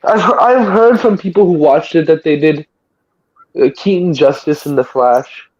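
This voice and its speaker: A man's voice: on the high side, moderate pace, darkish tone, highs cut off. A man hosting a live stream, chatting casually about movies in a rambling way, often stammering and restarting.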